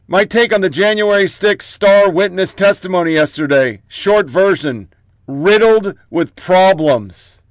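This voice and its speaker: A man's voice: sits high, a little slow, no room sound. A man hosting a political commentary show, reading out headlines in short clipped bursts with profane, mocking asides.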